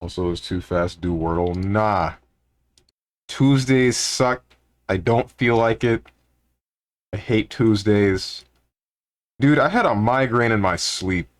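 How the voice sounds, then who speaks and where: A man's voice: lowish voice, slow, pauses often. A man streaming live, chatting casually and grumbling to his chat. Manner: laid-back, grumbling, talks to chat.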